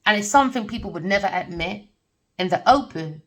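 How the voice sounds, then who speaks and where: A middle-aged woman rambles through a spiritual tarot reading, speaking bluntly, swearing freely and frequently laughing. She has a mid-range, slightly bright voice with lively intonation and a brisk pace, recorded far from the mic.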